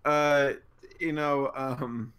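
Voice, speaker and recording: A young man from Georgia in the US co-hosts a podcast, telling rambling, self-mocking stories in casual chat. His medium-pitched voice has fairly even intonation and drawn-out words, with a crowd audible in the background.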